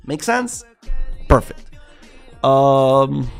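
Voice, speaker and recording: A man's voice: medium pitch, fast talker, soft background music. A young man, rambling and swearing as he chats with his livestream viewers about trading. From South Florida. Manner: rambling, profane, excitable, talks to chat. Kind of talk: casual livestream chat.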